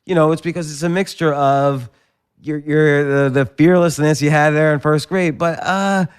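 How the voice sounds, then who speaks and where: A man hosting a podcast interview, talking quickly and analytically as he sums up his guest's stories. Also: fairly high pitch, fairly even intonation, smooth. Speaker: podcast host. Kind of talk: interview conversation.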